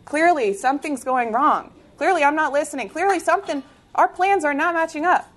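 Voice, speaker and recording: A young woman from the United States giving an inspirational talk, telling her story in an animated way with laughs. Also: high voice, a little fast. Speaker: speaker sharing a faith testimony.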